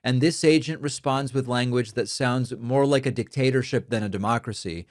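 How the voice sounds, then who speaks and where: A man who grew up speaking Spanish, hosting a political commentary show and talking in an earnest, emphatic, measured way into a studio microphone. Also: mid-range voice, dry recording. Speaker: show host. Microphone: studio dynamic microphone.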